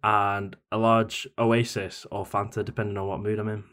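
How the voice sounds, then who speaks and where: A man chatting in a relaxed, easygoing way. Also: on the low side, normal speed. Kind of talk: casual podcast chat.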